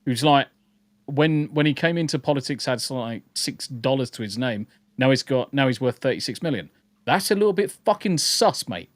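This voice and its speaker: A man's voice: mid-range voice, animated, moderate pace, dry recording. A man co-hosting a live-stream podcast, blunt and sweary, rambling with restarts. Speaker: podcast co-host. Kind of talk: casual live-stream chat.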